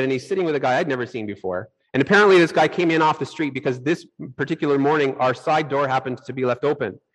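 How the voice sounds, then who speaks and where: A man's voice: mid-range voice, rough recording. A middle-aged man preaching a sermon, telling personal stories and acting out his own reactions. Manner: animated storytelling, acts out his own reactions. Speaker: pastor.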